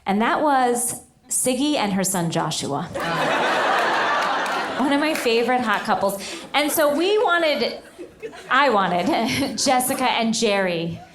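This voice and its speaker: Animated, laughing woman podcast host. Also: a little high, slow, pauses often, echoey room. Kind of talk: live comedic podcast chat. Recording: live stage with audience crowd noise.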